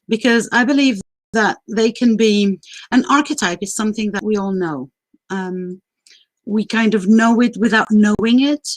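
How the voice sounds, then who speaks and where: A woman's voice: mid-range voice, dry recording, low-quality recording. A woman hosting a live stream in casual chat, with a mixed international accent whose first languages are French and Greek, laughing often and using many fillers. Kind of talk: casual livestream talk.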